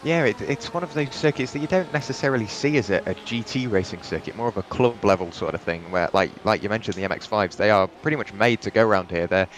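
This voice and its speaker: A man's voice: lowish voice, fast talker, hardly any pauses, slight background noise. A young man doing live sim racing commentary, chatty and rambling, with frequent restarts and asides.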